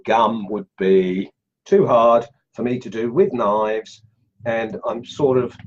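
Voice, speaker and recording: Excitable Australian man on a livestream. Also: medium pitch, breathy edge, highs cut off. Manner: excitable, chatty, exclaims and laughs, greets viewers by name. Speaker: woodcarving livestream host. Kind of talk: casual live-stream chat, unboxing and testing knives. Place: home workshop.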